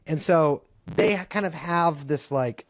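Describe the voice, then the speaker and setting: Man guest, casual political chat, rambling and swearing, slightly high pitch, dry close sound. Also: takes it slowly, dry recording. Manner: rambling, profane, lots of fillers and restarts. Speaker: podcast guest.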